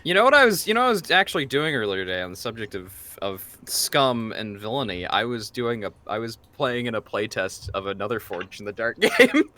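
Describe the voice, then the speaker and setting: A man's voice: mid-range voice, big pitch swings, a little fast, hardly any pauses, sharp tone, slight background noise. A man hosting a tabletop game stream, chatting casually and rambling with frequent laughs. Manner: rambling, restarts and laughs often.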